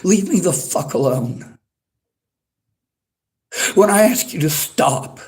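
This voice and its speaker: A man's voice: on the high side, lively intonation, measured pace, long pauses, darkish tone. A worked-up man streaming from a library, repeating himself in an angry, profane rant at his chat. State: agitated, worked up.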